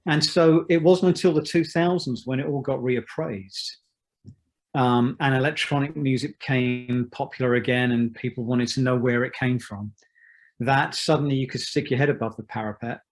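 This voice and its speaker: A man in his fifties, a musician being interviewed, who talks in a thoughtful, measured way with many restarts. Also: mid-range voice, steady tone. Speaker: musician guest. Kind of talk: reflective interview talk.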